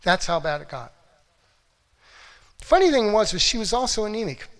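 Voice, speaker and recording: A middle-aged man giving a motivational talk as a relationship coach, animated storytelling that acts out quotes and swings from hushed to loud. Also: sits high, normal speed.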